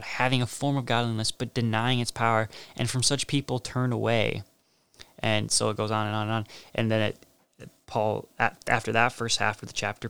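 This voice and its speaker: A man giving an informal Bible teaching, reading scripture aloud and talking in a halting way, restarting and repeating words for emphasis. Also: fairly low pitch, creaky, fairly bright tone, clear, resonant tone, dry recording. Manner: reads scripture passages aloud.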